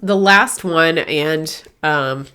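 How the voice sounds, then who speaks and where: Low-voiced woman podcasting about spirit. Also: very slow, sharp tone, smooth. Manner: rambling, earnest, with self-corrections and laughs. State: teary and sniffly. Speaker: podcast host and medium. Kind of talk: casual spiritual podcast talk.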